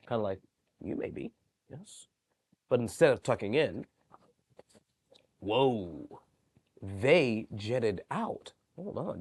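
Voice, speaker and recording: Working as a library storyteller, a man reads bedtime tales to young kids with gentle animation. His medium-pitched voice is creaky with a breathy edge, and the recording has no echo.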